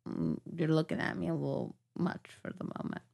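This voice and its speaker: A woman's voice: sits low, steady tone, a little fast, vocal fry, dark tone. A young woman co-hosting a casual film review podcast, playful and jokey, sometimes dropping to a whisper. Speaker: podcast co-host.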